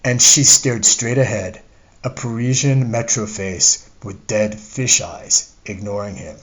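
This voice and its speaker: A man narrating a memoir audiobook in a measured, reflective reading, as its author. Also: on the low side, fairly bright tone.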